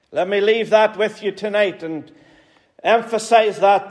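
A man's voice: sits high, unhurried. A man with a Northern Irish accent preaching a sermon in an earnest, pleading way, repeating phrases for emphasis. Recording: hall reverb.

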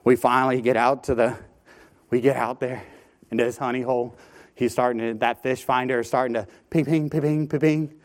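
A man preaching a sermon from a church pulpit. He tells a story with lively energy and often repeats words as he starts a phrase. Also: medium pitch, brisk. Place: church sanctuary.

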